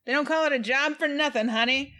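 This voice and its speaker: Woman podcast co-host, high and bright, loose profane chatter, quick laughs. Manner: animated, profane, laughs often. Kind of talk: casual chat, recapping a TV show.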